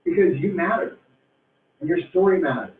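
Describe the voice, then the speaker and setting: A man speaking in a fairly high voice gives an emphatic motivational talk to a group, hammering home the same phrases and stretching words for weight. He sounds tinny and distant from the mic, as if coming through a call in an echoing room. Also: lively intonation. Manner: emphatic, repetitive, drawn-out for emphasis.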